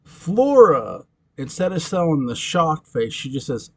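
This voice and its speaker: A man recaps a TV episode in casual chat, his husky, somewhat high voice sing-song and unhurried. This fan commentator rambles, giggles often, and keeps correcting himself.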